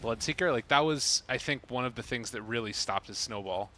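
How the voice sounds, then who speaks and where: A man's voice: mid-range voice, brisk, bright, forceful tone, slight background noise. A man giving chatty, playful esports commentary, trailing off and restarting his thoughts. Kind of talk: casual game commentary.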